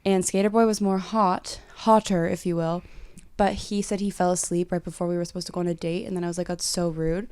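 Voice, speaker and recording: A young woman from California, raspy and a little sick, rambles through a casual podcast chat with her best friend. Her tone still comes through smooth and resonant, and the sound is close and dry with no room echo. She talks in loose, story-driven bursts full of "like.". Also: on the low side, steady tone, quick pace, few pauses, darkish tone. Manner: chatty storytelling, lots of "like". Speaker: podcast host.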